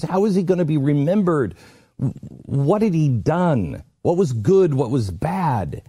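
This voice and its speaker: Middle-aged guy telling a story, dark husky voice, earnest and emotional, pitch going all over. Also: no echo, studio quality. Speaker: broadcast host telling a personal story. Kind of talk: storytelling monologue.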